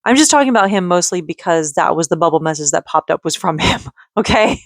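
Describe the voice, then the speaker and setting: A woman's voice: lowish voice, expressive, fast, dry recording, studio quality. A woman vlogging to camera, rambling with restarts and nervous laughs, audibly exhausted after a hard day. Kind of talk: emotional personal vlog talk.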